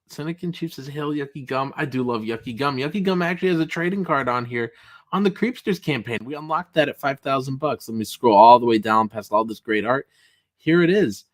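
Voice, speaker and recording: A man's voice: lively intonation, fairly quick. A man hosting a casual livestream, reading chat comments aloud with jokey mock outrage. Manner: jokey, mock-outraged, rising pitch when protesting. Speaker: livestream host.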